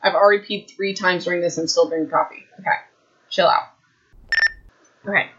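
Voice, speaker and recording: A woman's voice: mid-range voice, huge pitch swings, moderate pace, long pauses, a bit bright, slightly rough, dull audio. A young woman hosting a casual book recap podcast from home, chatty and rambling with self-deprecating asides. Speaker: podcast host. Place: home room. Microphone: desk mic.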